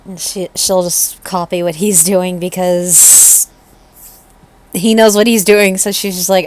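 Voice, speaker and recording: A woman's voice: on the low side, steady tone, takes it slowly. A woman playing in a tabletop game, chatting about what her character does. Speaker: player.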